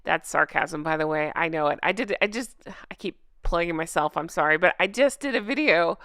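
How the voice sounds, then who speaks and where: Sarcastic woman vlogger, smooth close voice. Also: fairly low pitch, a little fast, no room sound. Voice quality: self-described drunk-goose voice. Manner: sarcastic, animated, laughs often. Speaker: royal commentary vlogger. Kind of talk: casual sarcastic commentary.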